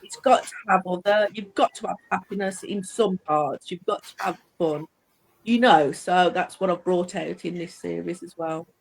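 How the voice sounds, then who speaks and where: A woman's voice: lowish voice, moderate pace, vocal fry, breathy edge, poor audio. A woman author describing her book series with enthusiasm and some rambling. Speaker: author guest. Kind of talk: casual chat.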